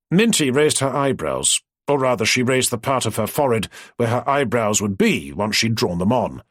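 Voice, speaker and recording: A man narrating an audiobook in an expressive storytelling way. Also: mid-range voice, normal speed, hardly any pauses, no room sound, studio quality.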